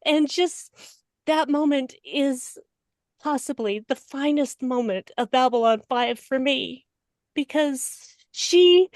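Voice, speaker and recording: Woman podcast guest, slow and emotional, laughs a lot, dry close mic. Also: no room sound. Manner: emotional, laughs often, voice rising high when excited. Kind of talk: casual podcast discussion.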